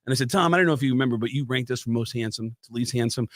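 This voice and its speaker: Animated male storyteller, dry studio sound. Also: mid-range voice, rapid-fire, dry recording. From United States. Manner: animated storyteller who acts out quotes. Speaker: guest, stand-up comedian and impressionist. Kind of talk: casual storytelling chat.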